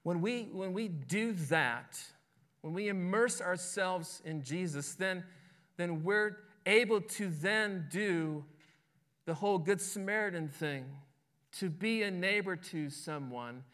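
A man preaches a sermon as pastor in a high-pitched, animated, slightly bright voice, taking his time. He speaks conversationally, repeating words and often asking "right?" to check in with those listening.

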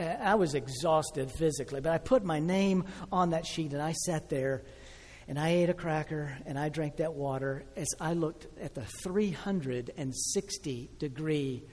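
A man in his sixties preaching a sermon, telling a personal story with feeling, swelling loud and then dropping soft and slow. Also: a little high, breathy edge, big-room sound. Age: 60s. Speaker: pastor.

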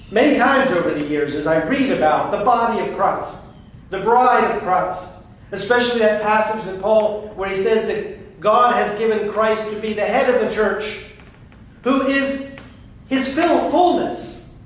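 Earnest man preaching in an echoing hall. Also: high voice. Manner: earnest and emphatic, with frequent restarts. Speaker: pastor. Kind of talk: sermon. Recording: very echoey room, voice far from the mic, faint noise.

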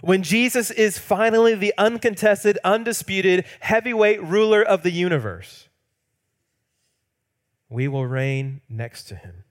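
With a mid-range male voice, this pastor delivers a sermon that moves from forceful, loud high points down to soft, hushed passages. Now and then he plays out quoted lines with a playful touch.

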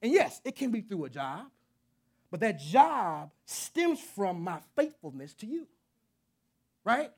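A man's voice: sits high, very animated, takes it slowly, long pauses, a little mellow. A man preaching a sermon, earnest and conversational, with repetitions that build to emphatic peaks. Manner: earnest, repeating himself, rising to emphatic peaks.

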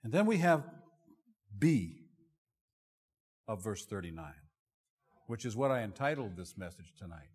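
A middle-aged male pastor preaching a sermon in an expressive, conversational and self-deprecating way. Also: fairly low pitch, a little slow, pauses often, slightly rough. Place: church sanctuary. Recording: long reverb of a large hall.

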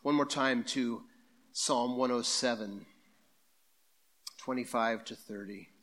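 A man preaching a sermon to a congregation, talking in a conversational way with quick asides and reading scripture aloud. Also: mid-range voice, a bit bright. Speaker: pastor.

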